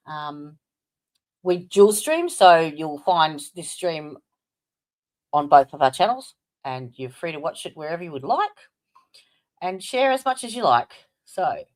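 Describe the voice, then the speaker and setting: An Australian woman hosting a casual livestream, chatty and welcoming viewers by name, with plenty of fillers. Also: sits low. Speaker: livestream host.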